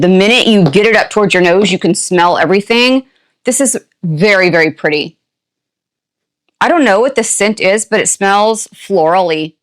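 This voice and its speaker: An older woman hosting a casual unboxing, chatty and playful with quick asides and a jokey put-on country twang. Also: medium pitch. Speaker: unboxing channel host. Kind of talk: casual product unboxing chat.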